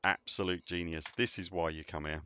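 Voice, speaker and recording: A man's voice: sits low, fairly even intonation, fairly quick, bright, forceful tone, clear, resonant tone. A man casually chatting while live-streaming a game, rambling and answering viewers as he plays.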